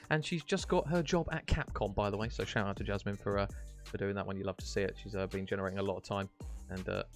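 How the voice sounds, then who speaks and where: A man casting an esports charity stream, chatty and matey as he wraps up the day. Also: lowish voice. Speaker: esports caster. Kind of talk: esports stream sign-off commentary.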